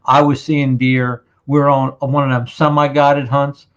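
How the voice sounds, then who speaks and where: A man's voice: medium pitch, level tone, a little slow, fairly bright tone, clear, resonant tone. A man in his fifties from New Jersey, hosting a casual chat and telling a long hunting story, acting out what others said. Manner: storytelling, acts out quotes of others. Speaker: podcast host. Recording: dull lo-fi sound.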